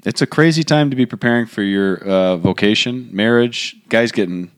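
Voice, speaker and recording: A man in a casual conversation, joking and telling animated stories. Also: lowish voice, moderate pace, no room sound, clean studio sound.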